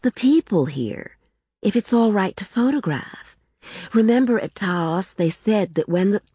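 A woman's voice: medium pitch, expressive, unhurried, husky, no echo, clean studio sound, voice pushed up. A woman voicing a timid, anxious wife. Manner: hesitant, soft-spoken.

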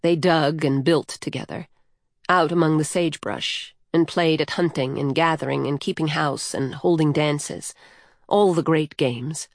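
A woman narrating a novel as an audiobook in a measured, even storytelling manner. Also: low voice, no echo, clean studio sound. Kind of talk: scripted narration.

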